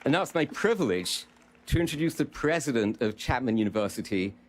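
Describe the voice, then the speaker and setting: A man's voice: mid-range voice, expressive, a little fast. A man with a British accent, a film school dean giving an earnest, rousing commencement speech. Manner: earnest, rousing, promise-making.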